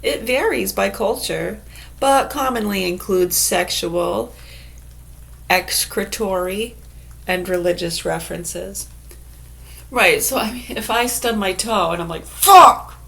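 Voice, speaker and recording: Speaking a little slowly in a mid-range, creaky, somewhat bright voice, a woman muses casually in her vlog. She reads out definitions, mocks them sarcastically, and curses freely.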